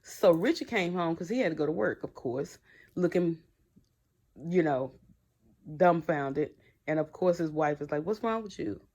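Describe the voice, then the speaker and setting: A woman's voice: sits low, measured pace, pauses often. A woman recapping a TV episode in casual chat, blunt and slangy, talking straight to her viewers. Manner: blunt, slangy and animated, talks to viewers directly. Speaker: TV episode reviewer.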